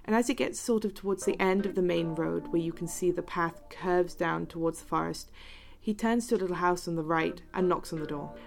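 A woman narrating a tabletop role-playing game as game master, relaxed and chatty. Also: fairly low pitch, a little fast, creaky, soft background music.

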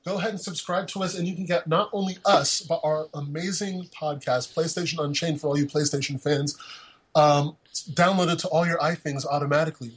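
A man's voice: on the high side, fairly even intonation, brisk, breathy edge, low-quality recording. A man hosting a podcast in casual chat, rambling and jokey with lots of fillers. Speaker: podcast host.

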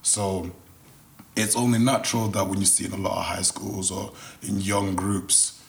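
Thoughtful man in his twenties, lowish voice. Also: flat delivery, vocal fry, slight background noise. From Nigeria. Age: 20s. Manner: measured, thoughtful, articulate. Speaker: guest. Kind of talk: podcast interview.

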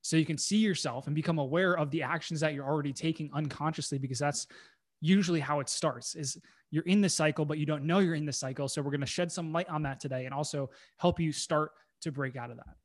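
A man's voice: on the high side, quick pace. A man co-hosting a live recovery coaching session, opening with a friendly, upbeat welcome to viewers.

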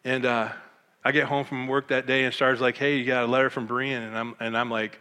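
A man's voice: medium pitch, brisk, clean tone, long reverb tail. A middle-aged man from Michigan, a pastor, telling his life story with emotion and acting out the voices of the people in it. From Michigan, USA. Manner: animated, emotional, acts out quoted voices. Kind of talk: personal testimony storytelling.

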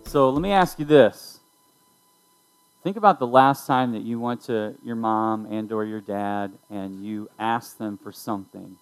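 A man's voice: lowish voice, measured pace, clear, resonant tone, faint music behind, rough recording. Man preaching casually to students. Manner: conversational, storytelling, addressing listeners directly. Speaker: youth pastor. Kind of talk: sermon to students.

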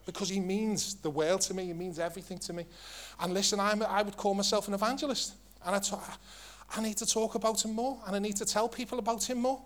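A middle-aged man with an English accent preaching a sermon to his church in a lively, joking, conversational way. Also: sits high, fast.

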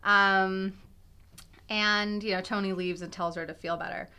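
A woman's voice: medium pitch, fairly even intonation, measured pace, pushed and bright, clean tone. A young woman co-hosting a podcast, thinking aloud in casual analytical chat with many fillers and restarts. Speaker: podcast co-host.

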